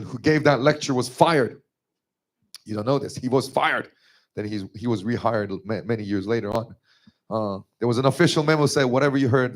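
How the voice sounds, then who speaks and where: An emotional man shares his own testimony as a church sermon. Feeling overtakes him at points, and his voice strains upward to a high pitch.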